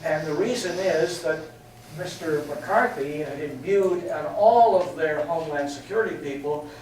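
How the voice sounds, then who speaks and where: An older man from England gives a chatty, anecdotal talk, his voice sitting a little high for a man. He is picked up from a distance in a very echoey hall, with a faint hiss of noise underneath. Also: a little slow, darkish tone. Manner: anecdotal, chatty, laughs at his own stories. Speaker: guest speaker. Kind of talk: storytelling talk. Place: meeting hall.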